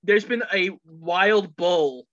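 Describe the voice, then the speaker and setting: A podcast co-host talking quickly about movies. The voice is bright and forceful and often quotes film lines. The recording is dull and lo-fi. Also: medium pitch. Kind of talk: casual chat. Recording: dull lo-fi sound.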